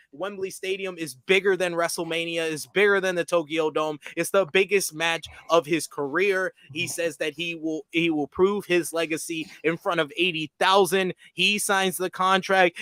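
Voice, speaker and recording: High, bright-voiced man reviewing wrestling. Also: clear, resonant tone, no room sound. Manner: animated, voice jumps high when excited. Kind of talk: casual podcast review chat.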